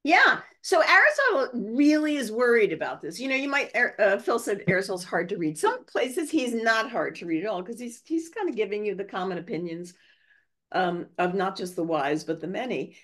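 Animated woman speaker on a video call. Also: medium pitch, moderate pace. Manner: animated, explanatory. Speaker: guest speaker.

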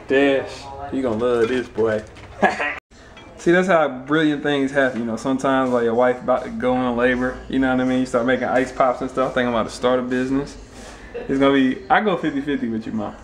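A young man hosting a home vlog in his kitchen, joking in a playful, animated way. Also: mid-range voice, fairly quick. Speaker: vlogger, expectant father.

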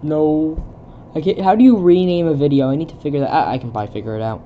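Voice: mid-range voice, quick pace, a little hiss or hum. Rambling young script reader, dull lo-fi mic. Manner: reads stage directions aloud, stumbles, breaks off to comment in bewilderment. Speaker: video creator. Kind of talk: casual reading of a film script aloud.

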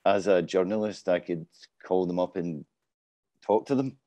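A man's voice: deep voice, normal speed, mellow, no room sound, dull audio. A man in his forties speaking as a panelist in casual panel talk, modest and self-deprecating. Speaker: panelist, business development lead.

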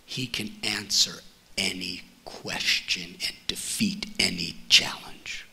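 A man tells a story as a spiritual teacher in an unhurried, gentle way. His voice is bright yet slightly husky. His phrase endings drop almost to a whisper. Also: low-pitched, fairly even intonation. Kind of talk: storytelling talk. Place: public library auditorium.

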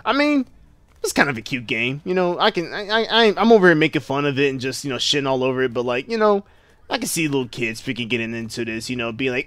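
A man's voice: mid-range voice, expressive, fast, a bit bright, clean tone, dry recording. A young man hosting game commentary, brash, profane and mocking as he plays. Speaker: gaming channel host.

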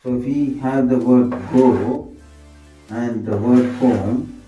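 Slow, deep-toned man teaching grammar. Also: dark tone, recorded from a distance, highs cut off. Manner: slow, repetitive, says sentences over and over; answers himself with "yes". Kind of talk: grammar lesson. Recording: echoey room, voice set off from the mic, faint music.

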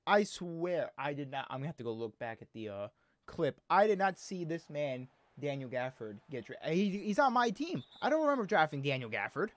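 A man comments casually on his basketball video game session, often fed up and griping aloud at it. He speaks a little fast in a fairly high voice with big pitch swings, and there's no room sound.

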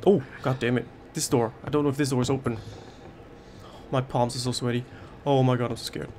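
A man's voice: mid-range voice, steady tone, brisk, a little mellow, a little hiss or hum. Panicky swearing let's player man. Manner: panicky, swearing, jokey self-talk. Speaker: game streamer. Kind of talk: let's play commentary.

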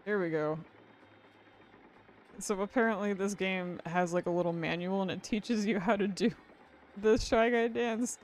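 Tired after a long day, this game streamer keeps up loose commentary while playing, rambling, restarting sentences and saying sorry for fumbled words. Pitch is medium with fairly even intonation at a normal speed, broken by long pauses, and a faint hiss or hum sits underneath.

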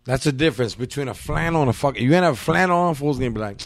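A man's voice: medium pitch, animated, very fast, no room sound. A man hosting a podcast, telling profane, slang-heavy stories in casual chat. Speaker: podcast host.

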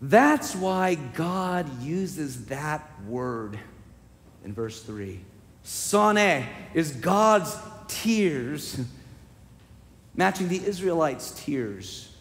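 A male pastor delivers a heartfelt sermon at a slow, deliberate pace, his voice sitting high. His phrases swell into emphatic repetition. The sound carries the long reverb of a church sanctuary. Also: sing-song.

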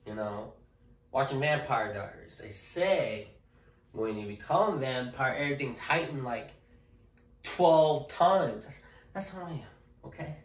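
A man's voice: mid-range voice, animated, unhurried, distant mic. A man chatting casually to camera in a joking, rambling way, often tagging lines with okay. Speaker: vlogger. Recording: echoey room, off-mic.

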